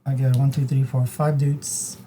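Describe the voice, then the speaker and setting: A man with a very dark, mellow voice plays a board game with friends, talking his way through each move and counting out loud. A faint room hum sits behind him. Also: medium pitch, level tone, normal speed. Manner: talks himself through moves, counting aloud. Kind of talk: casual tabletop game play.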